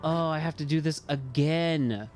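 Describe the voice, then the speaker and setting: Excitable man swearing at a game. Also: fairly high pitch, a little slow. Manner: excitable, rambling, swears and yells at enemies. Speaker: game streamer. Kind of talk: casual live gameplay commentary. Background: game music.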